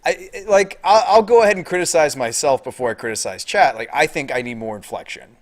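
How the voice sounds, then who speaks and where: Deadpan man streaming a card game. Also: fairly high pitch, brisk. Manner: deadpan, little inflection; thinks aloud, chats with viewers. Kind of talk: live card game commentary.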